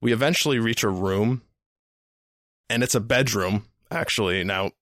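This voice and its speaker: A man's voice: lowish voice, normal speed, a bit bright, no echo, clean studio sound. A man hosting a podcast, telling a story in a rambling, casual way, repeating words and swearing now and then. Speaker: podcast host.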